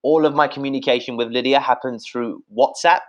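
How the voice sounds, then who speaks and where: A British man, a podcast guest, giving blunt, energetic sales advice, swearing freely and addressing listeners as guys. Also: medium pitch, brisk, dull audio.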